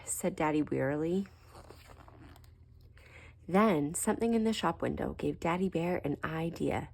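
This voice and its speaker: A woman reading a children's picture book aloud, gently lifting her voice for the characters' lines. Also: unhurried, creaky, slightly rough. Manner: gentle, lifts pitch for quoted lines. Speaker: storybook reader. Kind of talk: children's story read-aloud.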